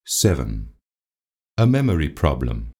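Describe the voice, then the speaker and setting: Very deep, slow male announcer. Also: big pitch swings, creaky, warm tone, breathy edge. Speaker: test announcer. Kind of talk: reading item numbers and titles.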